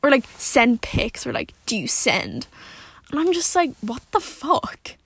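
Blunt, gravelly young woman venting. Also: sits high, big pitch swings, a bit bright. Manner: blunt and exasperated, swears a lot, fills every pause with "like". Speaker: vlogger. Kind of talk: casual rant to camera. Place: sitting in a parked car.

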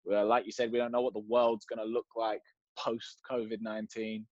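A man thinks aloud in a steady, musing way during a casual chat. His voice is lowish, and the sound is dry and a little dull, like a lo-fi mic. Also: normal speed, no echo.

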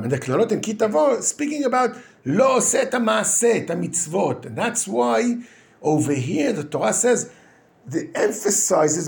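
A man delivering a Torah talk as a rabbi, his voice pitched high and swinging widely up and down. There is a gravelly roughness in his tone. He stops and restarts as he searches for the English word. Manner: animated, acts out quoted speakers in raised voices; halting restarts while searching for English words. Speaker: rabbi teaching at a yeshiva.

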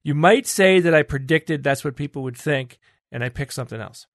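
A man's voice: a little high, brisk, no room sound. A man with a slightly raised voice hosts a casual podcast segment, reading listener letters aloud. His tone is playful and he breaks in with laughing asides. The sound is dry and close, with no room around it.

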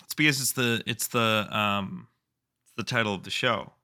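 The voice is a man's, very bright and sharp in tone. He co-hosts a podcast and swaps stories in loose, casual talk. He tells them with lively energy, curses freely and breaks into laughter as he goes. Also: on the low side, normal speed. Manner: animated, profane, laughs while telling stories. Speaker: podcast co-host. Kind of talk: casual storytelling chat.

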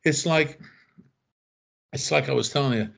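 A man's voice: mid-range voice, moderate pace, vocal fry. An older man telling casual anecdotes, acting out the voices of the people in them. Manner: animated, acts out quoted voices. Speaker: storyteller guest.

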